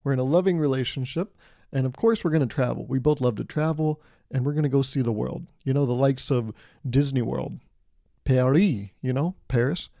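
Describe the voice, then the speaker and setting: Gravelly man telling a comic story. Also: mid-range voice, brisk, mellow, dry recording, clean studio sound. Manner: jokey, building a long setup to a pun. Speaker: podcast host. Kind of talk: comedic storytelling monologue. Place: California.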